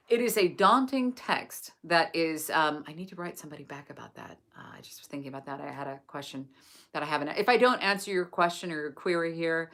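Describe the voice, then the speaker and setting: A low-voiced woman from England leads a live book study. She reads aloud slowly, then chats with viewers in a soft, effusive way. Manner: gentle, effusive, greets viewers warmly. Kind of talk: reading scripture aloud, then live-stream chat.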